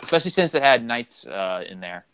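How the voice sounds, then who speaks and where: A man's voice: mid-range voice, very animated, brisk, fairly bright tone, slight background noise, poor audio. A man co-hosting a casual gaming chat, rambling through game trivia with lots of fillers. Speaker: co-host.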